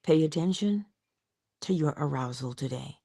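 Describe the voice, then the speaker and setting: A woman's voice: low-pitched, animated, moderate pace, creaky, dark tone, husky, no echo, clean studio sound. A woman hosting a live morning inspirational talk, speaking earnestly and emphatically and repeating her key words. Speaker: host of a morning inspirational livestream.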